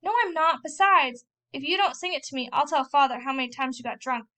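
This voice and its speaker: An eager young farm boy, pushy and pious, always begging and scolding in a high, bright voice, as a woman reads him aloud from a novel. He sounds like a storybook child. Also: fairly quick.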